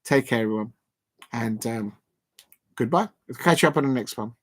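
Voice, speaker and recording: A man hosting his own live stream with an easygoing, playful manner. He chats casually, falls back on repeated catchphrases and chuckles to himself. His voice sits at an ordinary middle pitch. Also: normal speed.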